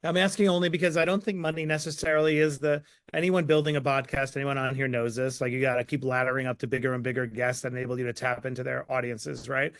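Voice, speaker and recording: A man speaking as an author guest in a live online Q&A, energetic and emphatic. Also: mid-range voice, creaky, dry recording.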